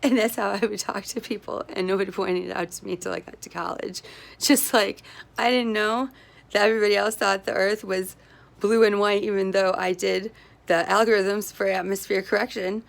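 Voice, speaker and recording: Her voice is mid-range, steady, and brisk, with some vocal fry, as she wanders through a relaxed monologue. She breaks off and restarts sentences, frequently adds "right?", and slips into easy laughter between ideas.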